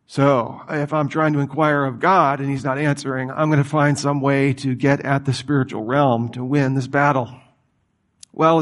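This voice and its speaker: A man preaching a sermon, reading scripture aloud and commenting on it in a lively, conversational way. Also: medium pitch.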